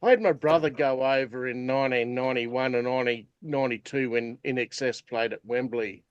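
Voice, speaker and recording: A man's voice: mid-range voice, fairly even intonation, brisk, clear, resonant tone, no echo. Rambling Australian man on a dull line. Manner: rambling, full of "you know" fillers. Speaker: podcast co-host. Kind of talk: casual chat.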